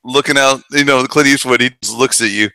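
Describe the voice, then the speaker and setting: A man's voice: medium pitch, brisk, low-quality recording. A man co-hosting a casual podcast, animatedly retelling movie scenes and acting out the characters' lines. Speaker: podcast co-host.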